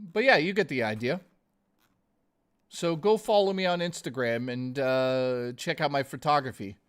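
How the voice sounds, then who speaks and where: A man's voice: mid-range voice, fairly bright tone. A man streaming live, chatting casually and ramblingly with viewers, swearing often and calling them dude and guys. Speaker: gaming streamer.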